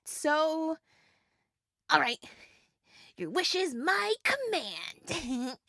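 A young woman voices a small, giggly fairy who grants wishes in an audio role-play, her breathy voice sitting fairly high. She talks slowly and rambles, stammering and filling gaps with ums and little laughs. The recording is dry and close. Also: sharp tone, dry recording, heavily acted. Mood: flustered. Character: giggly flustered female wish-granting fairy, small and chatty.

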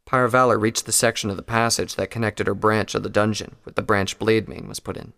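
A man narrating a fan fiction story in a measured, even reading. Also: fairly low pitch, gravelly. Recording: long hall reverb.

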